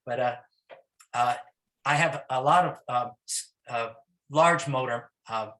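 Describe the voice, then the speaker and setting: A middle-aged man, a music teacher, giving a gentle and encouraging talk on songs for young children. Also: medium pitch.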